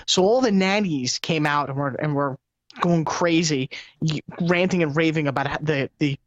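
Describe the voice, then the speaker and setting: A man's voice: a little high, normal speed, no echo. A man co-hosting a casual late-night tech talk show. He rambles and laughs as he tells stories, with lots of restarts. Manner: rambling, laughing, animated storytelling. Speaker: co-host. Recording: dull lo-fi live stream audio.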